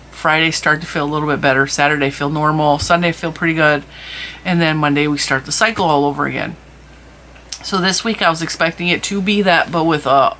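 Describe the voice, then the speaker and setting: A woman's voice: deep voice, bright, forceful tone, a little hiss or hum. A middle-aged woman hosting a crafting channel, chatting candidly at home and rambling through a personal story. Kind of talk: casual vlog chat.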